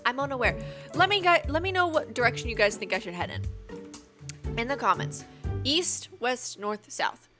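A young woman giving excitable let's-play commentary, chatting to in-game animals and squealing when things go wrong. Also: fairly high pitch, normal speed, over music. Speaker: gaming video creator.

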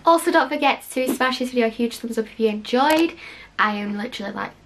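Young woman reacting to clips at home, a bit high voice, chatty and giggly, lots of "like". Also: expressive, quick pace. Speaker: YouTube reaction host. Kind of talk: casual reaction vlog chat. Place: home, cold room.

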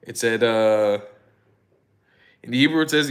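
A man hosting a casual livestream, telling stories in an excitable, profane way and laughing often. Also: medium pitch, slow pace. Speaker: livestream host.

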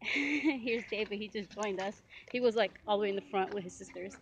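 This is a noisy outdoor camera recording of a woman's family vlog, shot at a park and on the way home amid outdoor ambience. Speaking a little fast at a medium pitch, she chats with her kids and laughs frequently while narrating.

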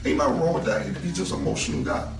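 In a played interview clip, a man with a gravelly, mid-range voice talks very fast and casually, with huge pitch swings. He's animated, repeats himself, and swears freely. The audio is roomy and echoey, with him far from the mic.

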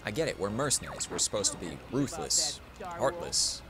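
A man's voice: medium pitch, very animated, moderate pace. A man playing a video game and commenting, tipsy from drinking, rambling and swearing with mock-dramatic pleading. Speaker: let's play gamer. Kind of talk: casual let's play commentary. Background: video game music.

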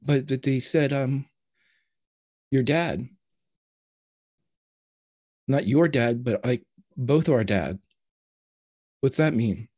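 A man voicing a confused, tearful teenage boy in a tabletop game, pleading and halting, repeating himself. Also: medium pitch, a little mellow, pitched above the performer's own voice. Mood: upset.

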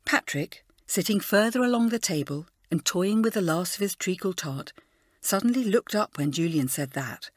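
A woman narrating a children's storybook in an expressive, animated way. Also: on the low side, normal speed, slightly rough, no room sound, studio quality. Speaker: audiobook narrator.

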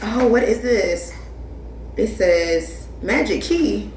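A young woman from Flint, Michigan chatting casually to her viewers as she unboxes things, animated and calling them y'all. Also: medium pitch, takes it slowly, recorded from a distance, very noisy. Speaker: lifestyle vlogger. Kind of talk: casual vlog chat. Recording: echoey room, voice a bit off-mic.

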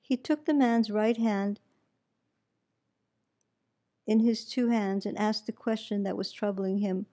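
A woman teacher reads a story aloud in a calm, measured way. Her voice is warm and mellow, sitting in a middle range. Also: mid-range voice. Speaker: meditation teacher.

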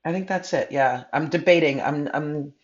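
A man's voice: on the high side, normal speed, lo-fi sound. A man giving a spiritual tarot reading in an earnest, heartfelt way, sometimes blunt. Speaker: tarot reader.

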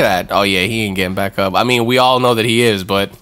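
A man hosting a gaming channel, giving excitable let's-play commentary with swearing and jumpy reactions. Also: fairly low pitch, brisk, few pauses, over loud music.

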